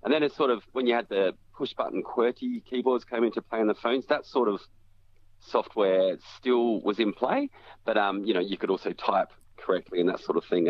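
Guy on radio explaining phone tech, lowish voice, lots of ums, muffled with a bit of hiss. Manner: explains step by step with many fillers and restarts. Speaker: tech commentator. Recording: dull lo-fi radio audio with faint hiss.

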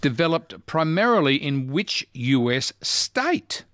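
Lively radio quiz host. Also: male voice, fairly high pitch, slow, no echo, studio quality. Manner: chatty, teasing, enthusiastic. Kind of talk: casual talkback radio quiz.

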